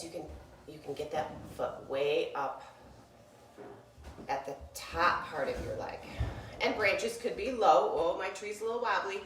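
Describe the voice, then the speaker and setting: A woman's voice: medium pitch, far from the mic, slight background noise. A woman teaching a children's yoga class, reading a picture book aloud and guiding poses in a playful, encouraging way. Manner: playful, encouraging, animated storytelling. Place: indoor room, filmed while doing poses. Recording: echoey room.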